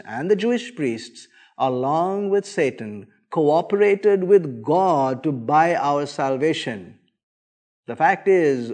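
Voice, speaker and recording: A man preacher giving a sermon, telling the story dramatically with big swings from soft to loud. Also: on the high side.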